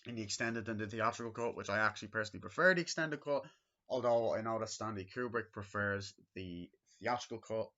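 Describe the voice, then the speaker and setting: A man's voice: fairly low pitch, fairly quick, bright, forceful tone. A man casually reviewing a movie, rambling and packing his talk with fillers like "um" and "you know". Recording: dull lo-fi recording.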